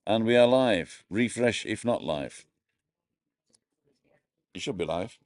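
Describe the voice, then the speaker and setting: A man's voice: lowish voice, expressive, takes it slowly, dry recording. Chatty middle-aged man hosting a live stream. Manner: chatty, greets viewers by name. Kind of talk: casual live-stream chat. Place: bar. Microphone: earphones.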